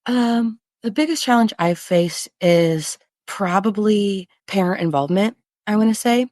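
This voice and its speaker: A special education teacher appears as a guest on a podcast, speaking at a measured pace in an animated, mid-range, slightly dark voice with no echo. The interview is casual, and she talks earnestly and chattily, acting out what parents and students say.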